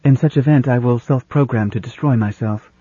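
A man's voice: medium pitch, normal speed, warm tone, slightly rough, no echo, lo-fi sound, lightly acted. A man voicing a toneless female computer. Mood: formal. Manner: toneless, formal and precise. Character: calm, literal female house computer.

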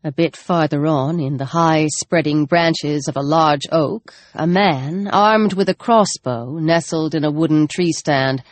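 A woman reading a novel aloud with steady, dramatic storytelling. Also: low voice, unhurried, hardly any pauses, no echo. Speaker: audiobook narrator. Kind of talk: scripted audiobook narration.

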